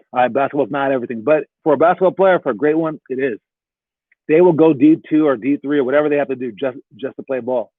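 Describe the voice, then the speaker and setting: A basketball coach talking casually to his players and viewers, often acting out quick back-and-forth quotes. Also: medium pitch, no room sound. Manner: conversational, acts out quick quoted exchanges. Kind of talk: casual talking-head advice video. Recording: tinny phone-like dry sound.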